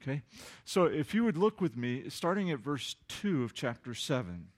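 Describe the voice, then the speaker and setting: A pastor preaching a sermon in a church sanctuary, talking loosely with frequent restarts and going soft and hushed in prayer. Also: male voice, medium pitch, big pitch swings, normal speed. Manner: conversational, paraphrases with frequent restarts; soft, hushed voice when praying. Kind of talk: sermon with scripture reading and prayer.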